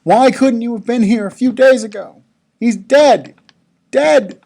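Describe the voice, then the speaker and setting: A chapel speaker briefly voicing a grieving woman who reproaches a friend through tears, in a higher, louder voice. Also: unhurried, creaky. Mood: tearful.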